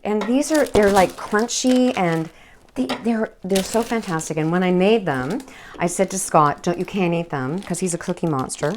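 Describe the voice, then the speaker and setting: A woman hosting a live cooking show, chatting in a bubbly, animated way. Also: on the low side, normal speed, a little hiss or hum. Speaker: host.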